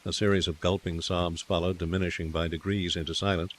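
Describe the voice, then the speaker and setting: Low male voice reading a classic short story, measured and steady. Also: slight background noise. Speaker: narrator.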